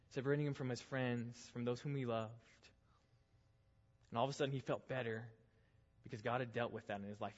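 A man preaching a youth sermon in earnest, building intensity through repeated phrases and then dropping soft. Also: medium pitch. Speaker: youth pastor. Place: church hall. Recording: echoey hall, dull lo-fi sound.

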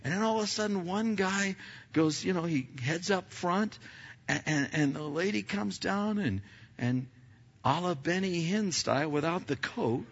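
A man telling a story in a sermon, halting and repeating words as he goes. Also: high-pitched, breathy edge, highs cut off.

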